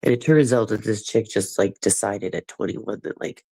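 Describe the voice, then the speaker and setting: A man's voice: fairly low pitch, moderate pace, vocal fry, warm tone, slightly rough, rough recording. A man chatting casually with his livestream viewers, rambling and profane, with a stuffy nose.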